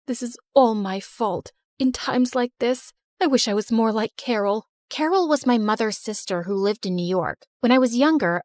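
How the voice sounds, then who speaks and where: A woman narrating an animated drama in the first person, telling it with emotional, expressive storytelling. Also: fairly high pitch, no echo, clean studio sound.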